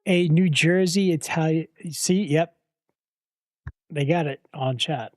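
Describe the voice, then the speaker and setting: A man's voice: on the high side, takes it slowly, a little mellow, no room sound. A man co-hosting a livestream, chatting casually and teasing the others. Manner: teasing, insistent. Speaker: co-host.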